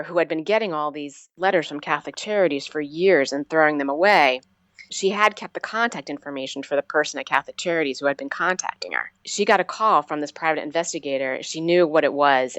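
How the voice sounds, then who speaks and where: Her voice is deep with a fairly bright tone, captured on a dry recording. A woman in her forties, she recounts her personal story as an interview guest, earnest and halting, with many restarted sentences.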